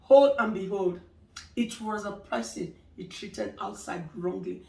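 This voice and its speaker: A woman's voice: mid-range voice, measured pace, gravelly, a little mellow, recorded from a distance. Emphatic woman lecturing in an echoey room. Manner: emphatic, preachy, repeats phrases for stress. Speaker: vlogger giving life advice. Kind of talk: casual motivational talk to camera.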